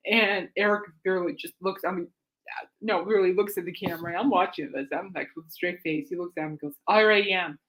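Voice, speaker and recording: A woman with a fairly low, steady voice talks a little fast while hosting her own music chat show. Her casual monologue meanders, with plenty of laughs, self-deprecating humor and sidetracks.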